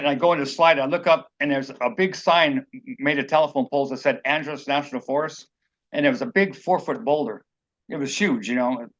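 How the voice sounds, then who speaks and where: A man's voice: on the high side, a bit bright, dull audio. Rambling earnest man telling stories. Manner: rambling, earnest, acts out quotes. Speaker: interview guest, author. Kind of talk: personal storytelling in an interview.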